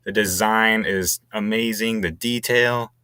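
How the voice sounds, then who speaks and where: A man's voice: lowish voice, steady tone, measured pace, sharp tone, clear, resonant tone, dry recording. A young man casually commenting on game cars, enthusiastic and rambling, with restarts. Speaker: gaming video creator.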